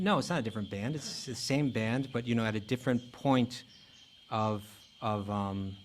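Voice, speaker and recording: A man's voice: medium pitch, a little hiss or hum. Man giving a casual spiritual talk. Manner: conversational, many fillers and restarts. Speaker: spiritual teacher. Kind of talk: casual lecture.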